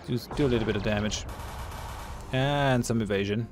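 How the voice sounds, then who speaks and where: A man talks casually over music as he plays a ship combat game, thinking out loud, muttering and laughing at his own jokes. He speaks at a moderate pace in a medium-pitched voice.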